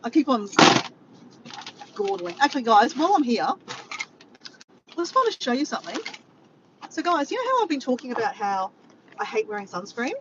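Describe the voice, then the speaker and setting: An Australian woman hosts a casual livestream, chatting and joking with viewers and reading their messages out loud. Her pitch swings widely, her pace is moderate, and she pauses often. The recording sounds dull and lo-fi, with a faint rumble underneath.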